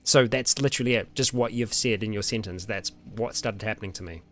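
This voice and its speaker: A young man with an Australian or New Zealand accent, hosting a casual question-and-answer chat with his viewers, relaxed and rambling with lots of ums and small laughs. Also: fairly low pitch, brisk, soft background music. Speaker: roleplay channel host answering viewer questions.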